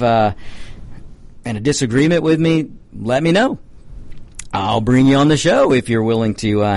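A man's voice: mid-range voice, a little mellow. Male talk radio host, Southern twang, chatty monologue full of ums and false starts. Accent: American Southern. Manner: rambling, many fillers and restarts.

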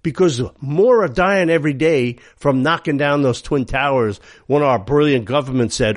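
A man's voice: mid-range voice, moderate pace, few pauses, no room sound, studio quality. A man hosting a talk radio show, delivering a heated, sarcastic monologue full of rhetorical questions.

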